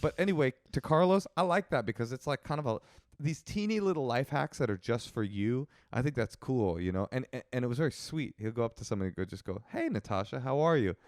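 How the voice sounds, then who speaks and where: A man co-hosting a podcast in casual chat, talking in a chatty, jokey way with quick asides. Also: medium pitch, animated, darkish tone, no echo, clean studio sound. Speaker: podcast co-host.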